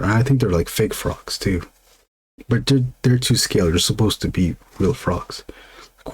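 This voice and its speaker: A man's voice: on the low side, moderate pace, breathy edge, dry recording. A man, an illustrator, chatting casually and meandering while he draws on a stream. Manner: meandering, lots of fillers and restarts. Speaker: illustrator streaming his drawing. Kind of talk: casual rambling chat.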